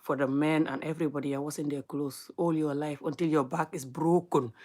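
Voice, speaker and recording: A woman vlogger in a loud, mocking, scolding rant to camera, with sudden high sing-song outbursts. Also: fairly even intonation, a little fast. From Gambia. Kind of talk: animated ranting commentary.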